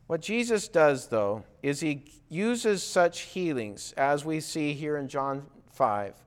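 A man's voice: a little high, lively intonation, takes it slowly, smooth. A man preaching a sermon as pastor, earnest, with rising emphasis, asides and acted-out quotes. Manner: acts out quoted voices in dialogue.

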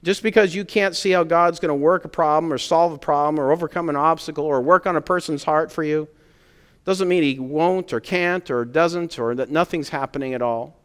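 A man preaching a sermon as pastor to his congregation, earnestly building emphatic points and then dropping to a quiet tone. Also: on the high side, brisk, smooth. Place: church sanctuary. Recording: long hall reverb.

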